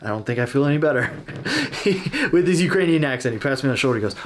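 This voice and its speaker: A man's voice: mid-range voice, expressive, rapid-fire. A man hosting a casual reaction video, talking candidly and self-deprecatingly about his own match footage.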